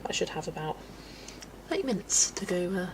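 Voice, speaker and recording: A woman's voice: lowish voice, very animated, brisk, noisy background. A young English woman hosting a colouring livestream, chatting casually and telling stories with frequent giggles. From England. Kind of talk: casual chat while colouring, reading chat.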